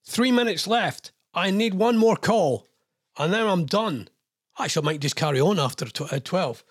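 Man, Scottish accent, radio phone-in host, rambling, chatty, husky, dry close sound. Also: sits high, lively intonation, normal speed, dry recording. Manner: rambling, chatty, self-mocking, coaxing. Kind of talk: casual radio chat.

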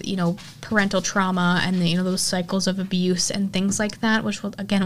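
A woman who hosts her own horror podcast gives a casual recap and review of a film's story, keeping it easygoing and conversational. Her voice sits at a middle pitch, and she's chatty, leaning heavily on "like" and "you know."

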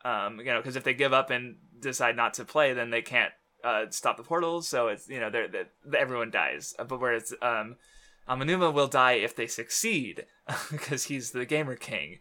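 A man's voice: mid-range voice, moderate pace, sharp tone. A man in casual podcast chat about a manga, rambling with lots of fillers, laughing often and swearing now and then. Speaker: podcast co-host.

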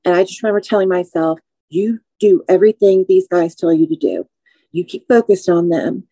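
Woman, 40s, podcast guest, personal testimony, slow emotional telling, warm voice, dry sound. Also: on the low side, slightly rough, no echo, rough recording. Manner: measured, slow, emotional recounting.

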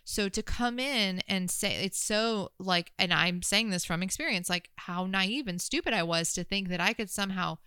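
A woman's voice: medium pitch, normal speed, hardly any pauses, pushed and bright, clear, resonant tone, dry recording, clean studio sound. A woman co-hosting a podcast in casual chat, reflecting on her own experience in a chatty way. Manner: reflective, storytelling, chatty with fillers. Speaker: podcast co-host, experienced real estate agent.

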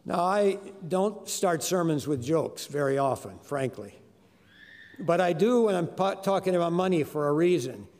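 An older man preaches in a church sanctuary in a high voice. He talks conversationally, with many "uh"s. Long reverb from the large hall trails each phrase. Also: expressive, moderate pace, a little mellow. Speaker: guest preacher. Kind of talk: sermon.

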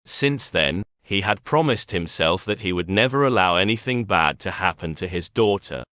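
A man narrating an audiobook in a steady, measured reading. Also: sits low, no room sound, clean studio sound. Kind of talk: scripted narration.

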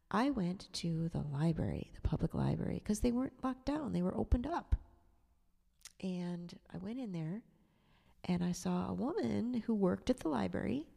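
An adult woman tells a personal story in a casual, chatty monologue that wanders off on tangents and includes sarcastic asides. Her medium-pitched voice is creaky and dark, with a long reverb tail.

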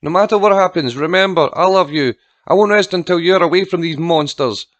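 A man's voice: mid-range voice, sing-song, moderate pace, vocal fry, a bit bright, no echo, dull audio. A man voicing a loving, fierce middle-aged aunt who defends her niece, with a raised, emotional delivery. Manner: emotional, pleading and defiant.

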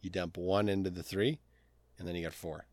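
A man's voice: low voice, steady tone, brisk, darkish tone, dry recording. A man co-hosting a movie podcast, eagerly walking through scenes in casual chat. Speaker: podcast co-host.

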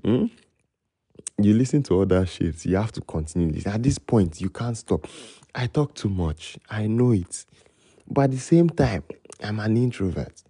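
A young man with a Nigerian accent hosts his own podcast alone in the small hours. His voice sits very low, with a husky, mellow tone. He rambles and freestyles, sliding between Pidgin and English, and the sound is close and dry. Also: lively intonation, normal speed, no room sound. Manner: talking low late at night. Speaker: podcast host. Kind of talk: rambling solo podcast chat.

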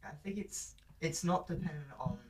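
A man's voice: on the high side, moderate pace. A man co-hosting a podcast, chatting casually and reasoning things through aloud.

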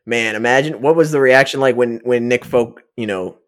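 Relaxed joking man on a podcast. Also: medium pitch, moderate pace. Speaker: podcast co-host. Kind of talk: casual chat.

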